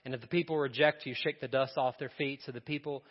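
A man's voice: medium pitch, fairly even intonation, fast. A man preaching a sermon as a pastor, telling a story and asking the congregation questions in a conversational way. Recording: dull sound with long hall reverb.

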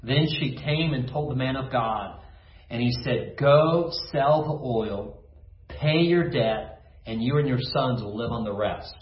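A man's voice: mid-range voice, a little slow, reverberant, lo-fi sound. A man preaching a short devotional sermon to listeners at home, asking them to repeat phrases back to him. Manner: call-and-response, asks listeners to repeat phrases. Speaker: pastor.

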